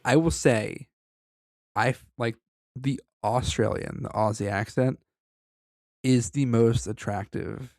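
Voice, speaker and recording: A man with a gravelly, fry-tinged voice reads a story out on a podcast, stopping often for crude jokes and banter. His voice is close and dry, with no room sound at all. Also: medium pitch, slow, pauses often, darkish tone, no echo. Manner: profane, joking asides between read passages. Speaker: podcast co-host reading a story. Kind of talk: casual story reading with banter.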